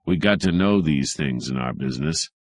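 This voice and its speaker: Man reading a gruff, bullying big cop. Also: very deep voice, expressive, moderate pace, no room sound, studio quality. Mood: menacing. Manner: gruff, menacing slang. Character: big tough male police detective, gruff bully.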